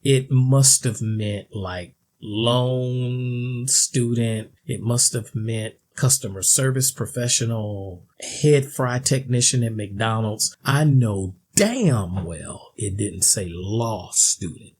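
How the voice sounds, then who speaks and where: A man's voice: lowish voice, animated, takes it slowly, few pauses, a little mellow, husky. A man ranting in a video commentary, blunt and sarcastic, with a mocking edge.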